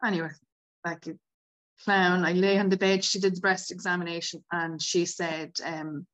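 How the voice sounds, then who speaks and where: A woman's voice: fairly low pitch, normal speed. Woman in her fifties telling a story. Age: 50s. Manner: animated, acts out quoted dialogue. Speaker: guest. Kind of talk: casual storytelling.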